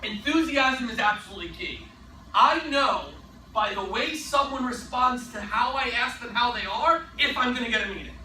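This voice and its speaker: A man giving a sales training talk, energetic and emphatic, often tossing in a rhetorical "right?". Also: very high voice, a little fast, hardly any pauses, echoey room, distant mic, slight background noise, poor audio.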